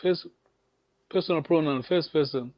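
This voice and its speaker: A man leads an online language lesson with a fairly high voice, cheering his students on and repeating words. His laughter comes often. The audio is dry and a little dull, like a video call. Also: moderate pace, dry recording. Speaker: language teacher.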